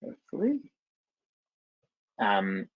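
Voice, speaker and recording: A man giving a live software demo at a conference, talking loosely with many ums and restarts. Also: on the low side, huge pitch swings, slow pace. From New Zealand. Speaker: conference presenter. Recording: dull lo-fi sound.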